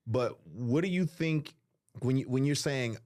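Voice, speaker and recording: A man's voice: mid-range voice, expressive, measured pace, a little mellow. Affirming man hosting a faith interview. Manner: encouraging, frequent affirming murmurs. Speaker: interview host. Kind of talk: conversational interview.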